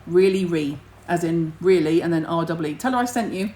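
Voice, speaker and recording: A woman's voice: lowish voice, fast, darkish tone, poor audio. A middle-aged woman, hosting a casual skincare livestream and chatting to viewers in a blunt, rambling way, with the odd casual swear.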